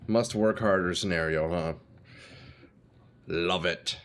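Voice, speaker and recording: Talking at a moderate pace, this streamer has a fairly low, animated voice. He keeps his livestream chat relaxed and slangy, addressing viewers as "boys" and "dude."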